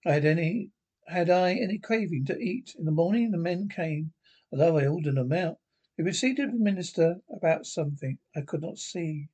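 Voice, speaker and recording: A man reads a gothic short story aloud, telling it in the first person with dramatic flair. His voice sits a little high for a man and carries a husky, breathy grain. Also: animated, normal speed, darkish tone. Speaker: reader.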